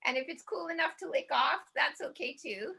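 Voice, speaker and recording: A woman guiding a laughter yoga class in a high, bright voice with a slight gravelly fry. She talks in a bubbly, cheerful way, chanting along and breaking into laughter. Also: animated, fairly quick. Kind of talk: guided group exercise class.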